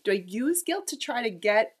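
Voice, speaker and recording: A woman's voice: on the high side, big pitch swings, moderate pace. A middle-aged woman, a mother co-hosting a casual chat, thinking aloud and restarting her sentences with repeated words. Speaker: mother and podcast co-host.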